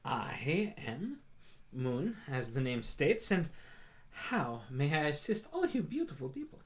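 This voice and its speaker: A man doing a female cat-folk jeweler, high-pitched, fawning, elegant, overly polite, tabletop game. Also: big pitch swings, takes it slowly. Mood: gracious.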